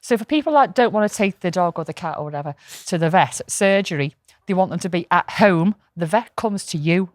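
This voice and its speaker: A woman's voice: lowish voice, lively intonation, fairly quick, few pauses, dry recording, studio quality. A woman with a Liverpool accent co-hosting a podcast, chatting in a blunt, sweary, self-mocking way. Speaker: podcast co-host. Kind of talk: casual chat.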